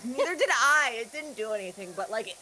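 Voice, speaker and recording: A woman's voice: on the high side, sing-song, fairly quick, pushed and bright, a little hiss or hum. A woman joining a game stream over a voice call, joking dryly and swearing casually. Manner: sardonic, jokey, swears freely. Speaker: guest co-player.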